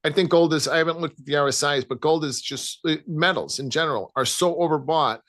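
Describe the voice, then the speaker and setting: A man with a Chicago accent, casually talking through gold price levels as a trading analyst, with many halting restarts. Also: a little high, a bit bright. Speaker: futures trading guest analyst. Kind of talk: casual market talk.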